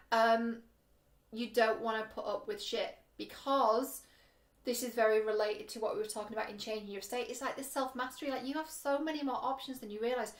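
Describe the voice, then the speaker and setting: A young British woman giving casual, frank love and friendship advice to camera, chatty and swearing easily, with lots of "like" fillers. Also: on the high side. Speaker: dating coach and vlogger. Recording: echoey room.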